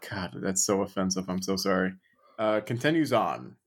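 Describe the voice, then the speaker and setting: A man's voice: low-pitched, normal speed. A man co-hosting a podcast in casual chat, rambling and self-deprecating. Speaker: podcast co-host.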